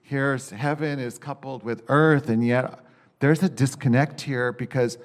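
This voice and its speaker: A man at a middle pitch, talking casually and candidly about his prayers. He wanders and restarts often. He swings between exasperated, louder bursts and low, quiet musing. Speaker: Christian speaker sharing a personal reflection. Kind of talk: casual spoken reflection.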